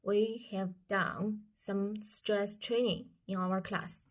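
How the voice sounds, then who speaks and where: A woman student with a Chinese accent answers course review questions aloud, speaking slowly and carefully and often pausing to restart a phrase. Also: mid-range voice, steady tone. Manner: slow and careful, with hesitations and restarts.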